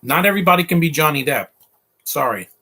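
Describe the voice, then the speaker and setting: A man's voice: a little high, expressive, fast, pushed and bright, slightly rough. A man hosting a casual live movie commentary, opinionated, rambling and defensive.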